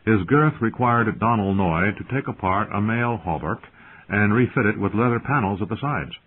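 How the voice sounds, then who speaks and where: A man giving measured scripted narration of an audiobook, heard through tinny phone-like audio. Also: on the low side, lively intonation, slight background noise.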